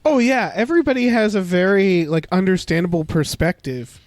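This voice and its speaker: A man's voice: high voice, brisk, no room sound. A man co-hosting a casual film podcast, talking in a wry, joking way and swearing freely. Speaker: podcast co-host.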